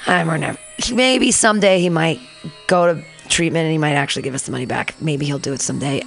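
A woman's voice: low voice, quick pace, gravelly, soft background music. A woman hosting a radio show, chatting casually and emotionally, acting out the people she quotes. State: tearful at times. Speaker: radio station host.

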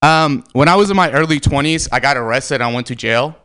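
A man's voice: mid-range voice, brisk, sharp tone, smooth. A man from Armenia doing a stand-up set, delivering his punchlines in a punchy, emphatic way. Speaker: stand-up comedian.

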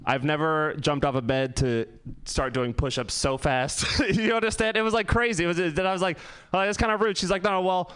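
A man's voice: on the high side, steady tone, a little fast, a bit bright, clean tone. Young male comic for a club set: casual, crude, giggly storyteller with a clean, resonant tone. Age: 20s. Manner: loose, laughing, profane storytelling. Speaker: stand-up comedian. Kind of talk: stand-up comedy set.

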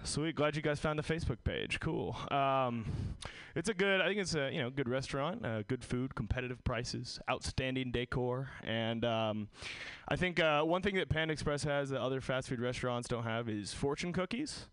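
A man's voice: medium pitch, moderate pace, a bit bright, smooth, no room sound. A man doing awkward, self-deprecating, upbeat stand-up at an open mic on a stage mic. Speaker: stand-up comedian.

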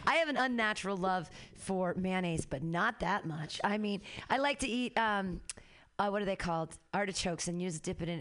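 A woman's voice: mid-range voice, fairly bright tone. A woman hosting a radio show, chatting casually in a rambling, playful, frank way. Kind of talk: casual chat.

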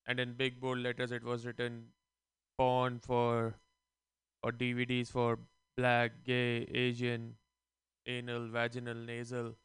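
Deadpan monotone man doing stand-up. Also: medium pitch, takes it slowly, clean tone, no room sound. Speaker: stand-up comedian. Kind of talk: stand-up comedy set.

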